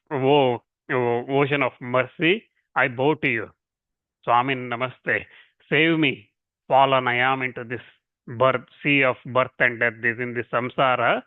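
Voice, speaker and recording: A man teaching scripture in a lecture, explaining step by step with repetitions and halting restarts, and reciting verses slowly. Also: mid-range voice, no room sound. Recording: tinny phone-like dry sound.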